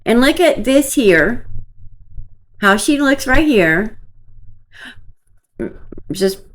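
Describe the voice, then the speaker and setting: A woman's voice: a little high, animated, extremely slow, slight background noise. A woman giving casual, opinionated gossip commentary to her viewers, scornful and talking to them directly. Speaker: commentary vlogger.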